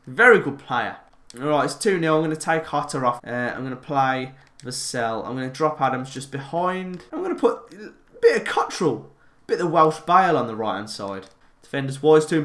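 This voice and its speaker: A young man with a Birmingham accent commentating his own football video game in a chatty, excitable way. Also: fairly high pitch, moderate pace. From England. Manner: chatty, excitable, shouts at goals. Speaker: gaming YouTuber. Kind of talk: gameplay commentary. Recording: roomy with game music behind.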